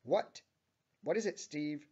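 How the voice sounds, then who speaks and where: A man's voice: mid-range voice, normal speed, mellow, lo-fi sound, lightly acted. A man voicing a bitter, foul-mouthed young woman. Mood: yelling angrily. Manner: swearing, grumbling, sarcastic.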